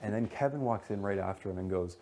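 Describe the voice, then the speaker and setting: A young man venting about a bad week with lots of cursing and side remarks. His voice is low and warm, with a gravelly edge. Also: fast, slight background noise. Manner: animated, swearing, retelling scenes with asides. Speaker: reality show contestant. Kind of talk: casual storytelling chat.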